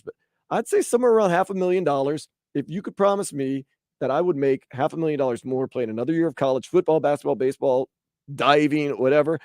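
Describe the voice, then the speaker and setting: A man's voice: on the high side, quick pace, no room sound, clean studio sound. A man hosting sports talk radio, chatting casually and acting out hypothetical quotes. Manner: animated, acts out quotes in voices.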